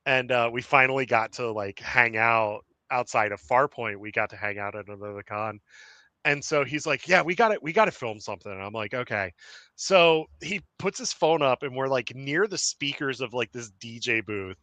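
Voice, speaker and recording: A man's voice: mid-range voice, moderate pace, bright, forceful tone, no echo. A man hosting a streamed podcast, chatting casually and rambling with many fillers and laughs. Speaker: podcast host. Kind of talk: casual chat.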